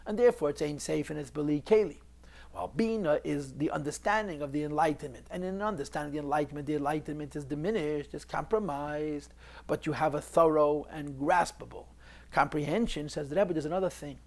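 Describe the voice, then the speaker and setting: High-voiced man teaching a Chassidic class. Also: brisk, gravelly, a little mellow. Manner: explains step by step, repeating key phrases; mixes Hebrew and Yiddish terms into English. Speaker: Torah teacher. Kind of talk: recorded class on Chassidic text.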